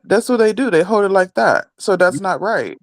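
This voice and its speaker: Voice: mid-range voice, lively intonation, normal speed, no echo. Student reading a list aloud. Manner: reads a list aloud, then asks casual questions. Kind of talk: classroom reading and questions.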